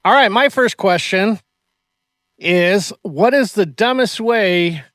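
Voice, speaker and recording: A martial arts instructor hosting a casual podcast, telling animated stories and acting out the people in them. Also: male voice, high-pitched, slow, dry recording. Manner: animated storyteller who acts out the people in his stories.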